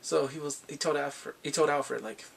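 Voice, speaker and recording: Animated man with a gravelly voice. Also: on the high side, normal speed, distant mic, slight background noise. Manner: animated, acts out scenes with laughs. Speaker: show reviewer. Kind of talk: casual episode recap.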